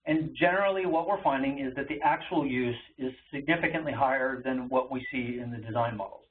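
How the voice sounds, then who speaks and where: A man's voice: medium pitch, a little fast. Man presenting over tinny webinar audio. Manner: conversational, with frequent ums and uhs. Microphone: webinar call audio. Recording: tinny phone-like webinar audio with faint noise.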